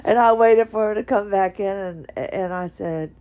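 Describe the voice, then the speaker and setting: A tired woman talks from her bedroom in a rambling, halting monologue full of restarts. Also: medium pitch, mellow. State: tired, drowsy. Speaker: podcaster. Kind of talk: casual personal monologue.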